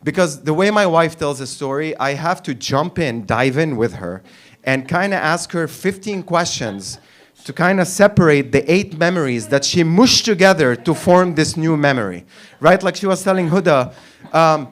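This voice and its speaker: On a club stage with a handheld mic, a man from the Arab world delivers a crude, rambling stand-up set, brash and animated. His voice is fairly high and his pace measured.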